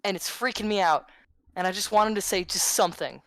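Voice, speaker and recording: A woman's voice: medium pitch, fairly quick, a bit bright, no room sound. A woman playing a tabletop game, chatty and hesitant, often correcting herself. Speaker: player. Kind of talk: casual tabletop play.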